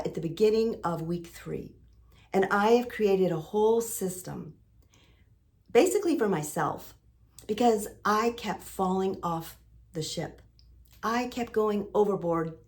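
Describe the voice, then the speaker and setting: A middle-aged woman vlogging a heartfelt motivational monologue, earnest and emotional, repeating phrases for emphasis. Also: mid-range voice. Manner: earnest, emotional, full of sailing metaphors. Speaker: lifestyle vlogger.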